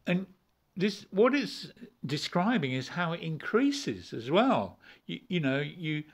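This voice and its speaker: A man's voice: a little high, breathy edge. A man preaching an informal, rambling sermon, repeating words and chuckling as he goes.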